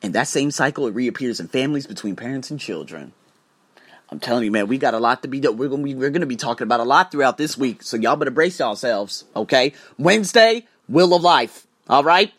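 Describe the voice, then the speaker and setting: Animated, profane male podcast host. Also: mid-range voice, fast talker, few pauses, breathy edge. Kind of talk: casual monologue podcast.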